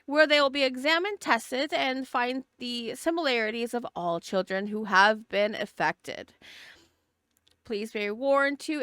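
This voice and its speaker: A frantic local news reporter, as a woman game master puts her on, pushing through an urgent breaking bulletin with rising alarm. The voice sits a little high and bright, with a crisp, dry closeness. This is tabletop role-play. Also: no echo. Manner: breathless newscaster delivery, rising alarm.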